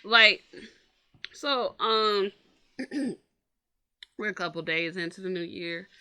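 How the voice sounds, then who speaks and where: Slow-talking bright-voiced woman. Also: medium pitch, clear, resonant tone. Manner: unhurried, gives steady listening backchannel. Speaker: podcast co-host. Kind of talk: casual chat.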